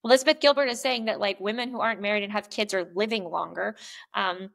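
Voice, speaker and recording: Speaking quickly in a steady, medium-pitched voice that's gravelly yet fairly bright, the poet and coach from a small coastal town in California talks candidly on an interview podcast. She's animated, curses freely, and acts out others' words in the casual conversation.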